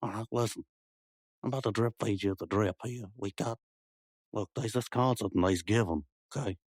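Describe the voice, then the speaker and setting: A man with a lower voice rambles through an improvised comedy bit, stacking slang with swagger. The sound is dry and close. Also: normal speed, no room sound. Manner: rambling slang-heavy bravado. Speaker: podcast co-host.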